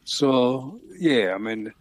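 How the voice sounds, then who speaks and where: An older man with a Scottish accent, a songwriter being interviewed on radio, talking in a reflective, unhurried way with many pauses and restarts. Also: mid-range voice, animated, a little hiss or hum. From Scotland. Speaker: guest songwriter.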